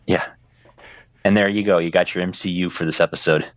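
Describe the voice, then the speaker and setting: A man's voice: deep voice, steady tone, a little fast, no echo, highs cut off. A man co-hosting a podcast, chatting casually about films in an easygoing, joking way. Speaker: podcast co-host. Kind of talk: casual movie review chat.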